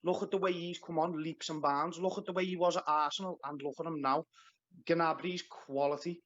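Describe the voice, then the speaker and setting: A man's voice: fairly high pitch, fairly even intonation, a little fast, fairly bright tone. A man calling into a football show, blunt and opinionated. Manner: blunt, opinionated, scolds fans. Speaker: caller. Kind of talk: fan phone-in chat. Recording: dull call audio.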